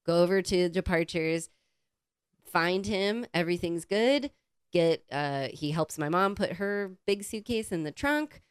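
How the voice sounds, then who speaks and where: A woman co-hosting a podcast, telling a casual story in a lively, swearing, animated way and acting out the quotes. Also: lowish voice, a little slow, clean tone, no room sound, studio quality. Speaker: podcast co-host.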